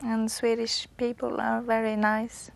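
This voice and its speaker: Hesitant French-accented woman, slow and flat. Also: a little high, vocal fry. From France. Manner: hesitant, with frequent filler pauses. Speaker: university French teacher. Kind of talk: short interview.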